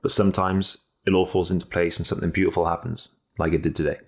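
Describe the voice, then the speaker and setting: Sex: man. Role: podcast co-host and cycling pundit. Style: casual podcast chat. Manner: blunt, energetic, swears freely, restarts a lot. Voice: very low pitched. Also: fast talker.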